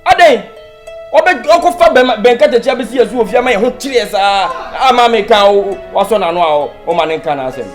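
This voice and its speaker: An actor playing a man who calmly explains and persuades. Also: sits high, quick pace, soft background music. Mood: persuasive. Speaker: film character.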